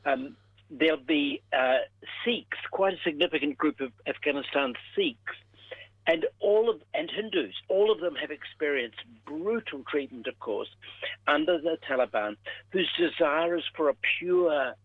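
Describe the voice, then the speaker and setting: An older man speaks as a guest on a radio show, his voice somewhat high and delivered in a measured, explanatory way. He comes down a tinny phone line with a dry sound, like an academic patched into a live programme. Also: expressive, no room sound. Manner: measured, explanatory, with pauses and fillers. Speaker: professor emeritus, regular radio guest. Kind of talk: radio interview over the phone.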